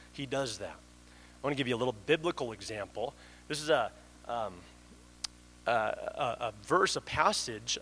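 A man's voice: medium pitch, sharp tone, a little hiss or hum, low-quality recording. A man preaching a sermon in an earnest way, often restarting his sentences. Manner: earnest, with frequent restarts and fillers. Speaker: pastor.

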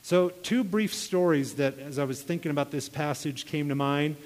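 A man's voice: a little high, normal speed, a little mellow. A man preaching a sermon, telling personal stories in an earnest way and acting out the voices he quotes. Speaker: pastor. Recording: long hall reverb.

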